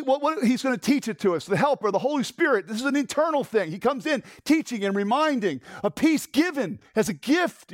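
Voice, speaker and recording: Animated, lively-pitched male preacher. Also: no room sound, studio quality. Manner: animated, swings from loud to hushed; conversational, asks the congregation questions. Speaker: pastor. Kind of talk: sermon.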